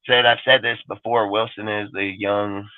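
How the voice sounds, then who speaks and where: A man's voice: on the low side, flat delivery, moderate pace, no room sound. Profane, fired-up man on a tinny line. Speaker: podcast host. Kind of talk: casual sports rant. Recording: dry, phone-like lo-fi audio.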